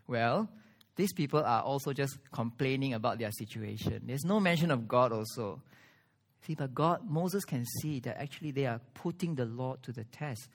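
A male pastor delivers a sermon at a middle pitch. He preaches earnestly, pausing often and pushing his voice up to stress key words. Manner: earnest preaching with strong pauses and rising emphasis.

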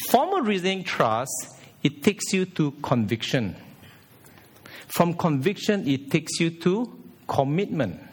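A man preaching a sermon as pastor in a church, animated, with pitch shifting for emphasis and acted quotes.

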